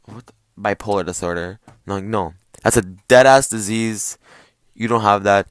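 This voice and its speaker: A young man hosting a podcast, ranting casually and profanely, with bursts of loud mock voices. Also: lowish voice, moderate pace, no room sound, clean studio sound. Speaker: podcast host. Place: bedroom.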